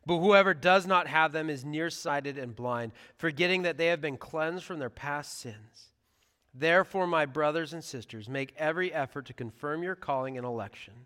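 A man's voice: fairly high pitch, moderate pace, sharp tone, smooth, long reverb tail. A man preaching a sermon as pastor, speaking in an earnest, conversational way in a church sanctuary.

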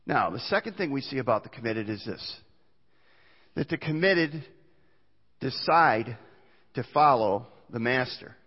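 A man's voice: medium pitch, lively intonation, a little slow, long pauses, breathy edge. Pastor, male, earnest sermon delivery, reverberant muffled church recording. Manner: earnest preaching, reads scripture aloud, small restarts. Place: church sanctuary.

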